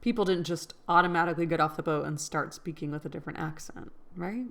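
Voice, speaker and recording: A woman's voice: sits low, quick pace, a bit bright. A woman hosting a casual read-aloud, rambling and thinking aloud between passages and correcting herself as she goes. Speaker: channel host reading a novel aloud.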